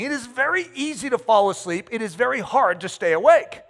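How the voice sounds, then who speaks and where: A pastor giving an animated sermon, telling stories with acted-out asides. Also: male voice, sits high, moderate pace, hardly any pauses. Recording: reverberant hall.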